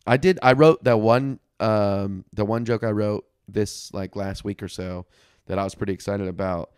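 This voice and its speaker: A man's voice: fairly low pitch, moderate pace, clean tone, no echo, studio quality. A man co-hosting a podcast, telling a family story in casual, profane chat and acting out what people said. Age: young adult or 30s, a father. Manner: profane, animated storyteller who acts out quotes. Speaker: podcast co-host.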